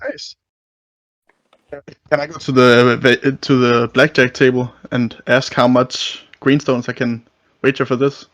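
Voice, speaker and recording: A man's voice: mid-range voice, little pitch movement, slow, fairly bright tone, no echo. A man playing a tabletop game, asking about his moves in a casual, direct way. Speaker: player. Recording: dull lo-fi mic.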